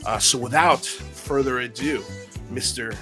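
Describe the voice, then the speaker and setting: A man's voice: medium pitch, unhurried, over music. A man hosting a casual livestream interview, upbeat and self-deprecating, joking about his own mistakes. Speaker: host.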